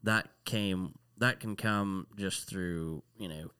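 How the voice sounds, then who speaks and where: A man as a podcast guest in casual chat, speaking reflectively and haltingly with many fillers. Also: low voice, sharp tone, clear, resonant tone, dry recording, clean studio sound.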